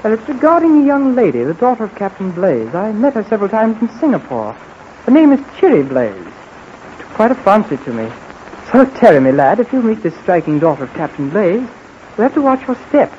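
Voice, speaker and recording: A young radio-serial pilot hero, putting on a jaunty British manner full of old chaps and jollies. His pitch leaps around lively. It is a muffled 1940s radio recording with faint hiss underneath. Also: brisk. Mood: breezy. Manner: jaunty, uses British slang like jolly and old chap. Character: young male pilot hero faking a clipped upper-class British manner. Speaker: radio drama lead.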